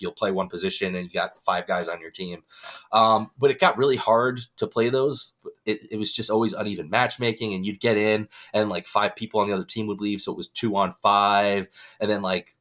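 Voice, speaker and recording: A man's voice: fairly low pitch, fairly bright tone. A young man co-hosting a podcast, telling a long rambling story in casual chat and swearing freely. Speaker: podcast co-host.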